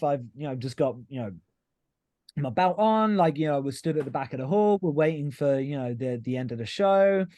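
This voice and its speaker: A man's voice: on the high side, darkish tone, no echo, clean studio sound. A man guest on a podcast, telling a long story in a rambling, casual way, with lots of filler words and casual swearing. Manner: rambling, frequent "like" and "you know", swears casually. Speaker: podcast guest, pro wrestler.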